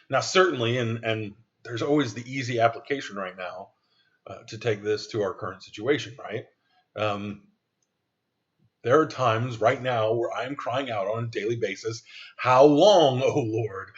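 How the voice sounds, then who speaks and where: Guy pastor giving a sermon, mid-pitched voice, earnest, kinda dull lo-fi audio. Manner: earnest, reads scripture aloud, some fillers and restarts.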